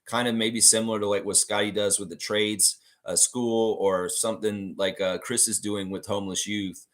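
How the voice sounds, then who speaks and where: A man's voice: lowish voice, fairly even intonation, moderate pace, a bit bright. A Canadian man hosting a casual live stream, reading out viewer comments and rambling with many fillers and self-corrections. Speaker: podcast host.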